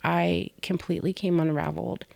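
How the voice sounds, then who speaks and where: A woman's voice: lowish voice, flat delivery, brisk, vocal fry, no room sound. A middle-aged woman co-hosting a podcast, candidly telling a personal story and sometimes dropping to a whisper. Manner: candid, soft-spoken, drops to whispers on painful moments. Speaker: podcast co-host.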